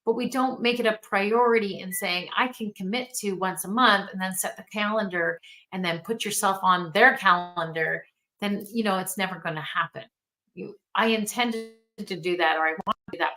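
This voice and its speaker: Middle-aged woman, mentorship coach, bright voice, earnest storytelling motivational talk. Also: fairly low pitch. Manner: earnest, storytelling, speaks straight to listeners.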